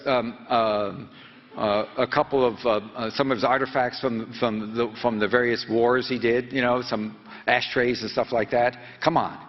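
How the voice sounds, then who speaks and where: A man in his seventies, a reporter, lectures students through a story while quizzing them with quick questions, speaking haltingly with many fillers. His voice is mid-range, with slight background noise. The hall echoes and the sound is dull and lo-fi.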